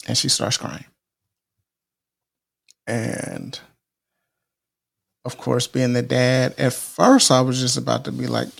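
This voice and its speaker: A man's voice: mid-range voice, steady tone, slow, creaky, long pauses. A middle-aged man hosting a podcast, giving earnest motivational advice in a casual, preachy way, often repeating himself and restarting phrases. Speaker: podcast host.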